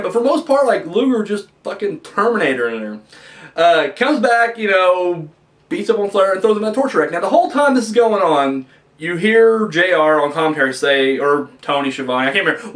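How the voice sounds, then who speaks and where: A young man hosting a casual wrestling review, ranting and swearing with lively energy. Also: high-pitched, reverberant, recorded from a distance. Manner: ranting, profane, animated.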